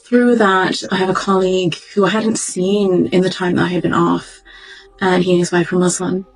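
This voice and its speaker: A woman doctor giving a reflective, heartfelt personal testimony, pausing and searching for words as she goes. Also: on the low side, little pitch movement, slightly rough, poor audio. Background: faint background music.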